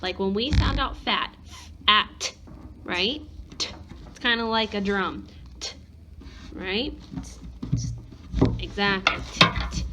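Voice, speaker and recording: A woman's voice: medium pitch, takes it slowly, long pauses, noisy background. A woman teacher giving a one-on-one phonics lesson, patiently sounding out letters and words.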